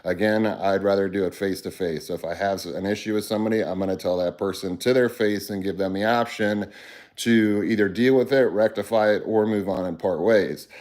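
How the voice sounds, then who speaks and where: A man's voice: fairly low pitch, fairly even intonation, brisk, darkish tone. A man hosting a casual livestream, talking bluntly and earnestly to his viewers and rambling through restarts. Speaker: livestream host.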